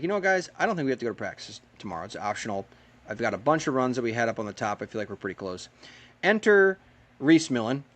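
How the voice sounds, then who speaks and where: An American man, a race car driver, telling stories in a casual interview, chatty and animated, with lots of fillers and acted-out quotes. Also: on the low side.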